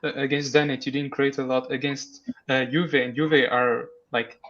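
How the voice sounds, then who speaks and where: A man's voice: medium pitch, flat delivery, moderate pace, a bit bright, highs cut off. A man on a football fan show giving hesitant, critical analysis, full of fillers. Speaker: co-host.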